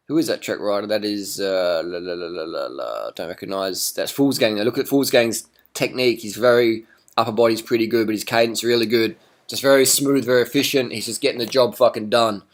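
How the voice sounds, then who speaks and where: A man's voice: fairly low pitch, fairly even intonation, a little fast. Blunt, swearing man commentating. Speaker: cycling commentator. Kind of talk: casual video commentary over race footage.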